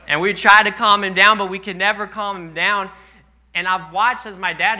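A man's voice: sits high, pushed and bright. A young man preaching a sermon in a church, telling earnest personal stories, at times choked up.

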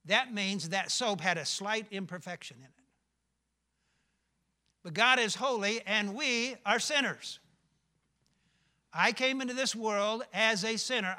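A man's voice: sits high, bright, forceful tone. An older male pastor preaching a sermon, emphatic, often asking the congregation questions.

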